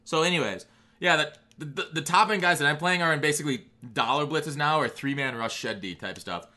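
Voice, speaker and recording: Guy on a stream call, sharp bright voice, blunt and profane, jokey. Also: fairly high pitch, brisk. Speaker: streamer guest. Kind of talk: casual chat on a call.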